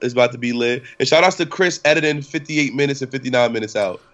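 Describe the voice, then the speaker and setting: A man's voice: medium pitch, fast talker, fairly bright tone. Rambling young man, lo-fi podcast. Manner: rambling, profane, lots of fillers and restarts. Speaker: podcast host. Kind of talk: casual podcast chat.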